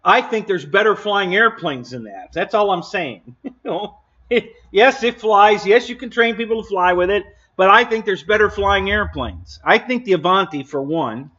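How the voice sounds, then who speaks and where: Answering comments on his live stream, this host talks bluntly and casually and laughs a lot. He has a high-pitched, sharp-toned voice with lively intonation at normal speed, and the stream audio sounds dull and lo-fi.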